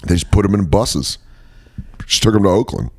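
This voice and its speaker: A man from Colorado, a guest comedian chatting casually on a podcast, telling animated stories full of swearing and quick impressions. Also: low voice, slightly rough.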